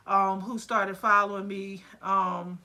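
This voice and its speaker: Chatty, excitable woman with a bright voice. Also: mid-range voice, takes it slowly. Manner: chatty, excitable, with many fillers and quoted asides. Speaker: candle-making business owner. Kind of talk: casual livestream chat.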